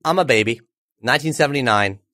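A man in his forties, an author guest on a podcast, telling a personal story in an animated, emphatic way. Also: medium pitch, fast, dry recording. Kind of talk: storytelling in an interview.

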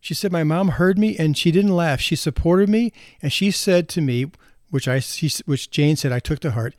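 A physician in his sixties casually tells anecdotes about marriage and parenting, chuckling now and then, laughing and restarting as he goes. His voice is a little high and darkish, at a normal speed. The studio sound is clean with no room ambience.

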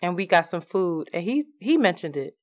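A woman's voice: lowish voice, big pitch swings, moderate pace. A woman with a Philadelphia accent co-hosting a podcast in casual chat, slangy and laughing often, recorded on a makeshift setup in a basement. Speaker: podcast co-host. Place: basement, on the floor. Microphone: makeshift setup without her recording gear.

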